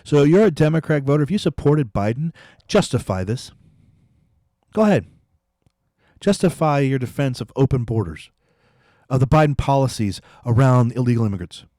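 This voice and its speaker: A man's voice: mid-range voice, lively intonation, fairly quick, warm tone, no room sound, clean studio sound. A man hosting a political commentary, ranting angrily and repeating himself as he dares his listeners to respond. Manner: angry, ranting, repetitive, challenging viewers.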